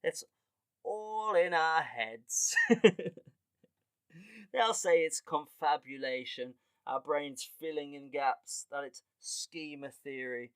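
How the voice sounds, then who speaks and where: A man hosting a podcast as a casual comedic monologue, animated and quick to laugh, with casual swearing. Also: fairly high pitch, smooth, no echo. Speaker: podcast host.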